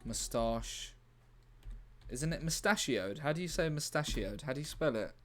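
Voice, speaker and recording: A man with a medium-pitched, animated voice chats casually on a live stream at a moderate pace while writing a script. He muses aloud in a chatty way and laughs at his own ideas.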